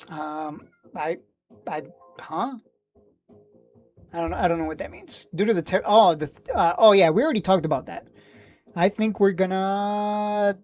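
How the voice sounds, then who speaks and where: A man's voice: sits high, a little mellow. Blunt joking man on a stock livestream. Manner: blunt, joking, laughs often, trails off and restarts. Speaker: stock market livestream host. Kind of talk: casual livestream chat answering viewers.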